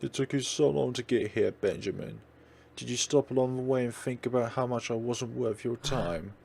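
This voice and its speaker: A possessive young dream girl from a pixel horror game, clingy one moment and snapping the next, as a man reads her lines. The voice sits higher than his own and comes out raised and forceful. A faint hiss runs under it. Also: moderate pace, vocal fry, close to an everyday voice. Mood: hurt. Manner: clingy, snapping between hurt and angry.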